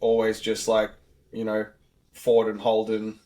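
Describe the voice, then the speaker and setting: A man's voice: fairly low pitch, monotone, unhurried, mellow. Man, Australian accent, 30s, casual podcast guest, rambling. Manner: rambling, filler-heavy, easygoing. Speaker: podcast guest, auto technician. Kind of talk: casual chat.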